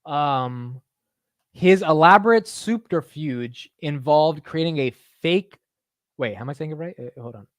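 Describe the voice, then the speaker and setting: A man's voice: a little high, animated, measured pace, no echo. Chatty man hosting a market livestream. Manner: loose and chatty, says "dude" a lot, jokes at his own expense. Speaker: livestream market show host. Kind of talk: casual live-stream chat.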